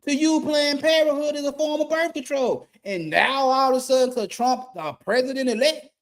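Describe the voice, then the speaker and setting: A man's voice: very high voice, moderate pace. A middle-aged man, a YouTube commentator giving a blunt, profane rant and repeating his points for emphasis. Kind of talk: ranting monologue.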